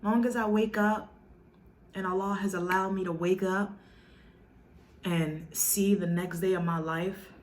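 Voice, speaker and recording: A woman's voice: mid-range voice, steady tone, a little slow, pauses often, slight background noise. A woman vlogger talking to her viewers in a heartfelt, casual way, earnest and emotional, with a lot of "you know", now and then tearful. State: tearful at times.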